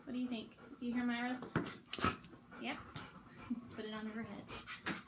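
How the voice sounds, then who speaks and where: A woman teaching young children to sound out letters from her home, talking slowly in a sing-song teacher's voice. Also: fairly high pitch, level tone, very noisy. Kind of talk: remote phonics lesson for young children. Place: her home, with pets around.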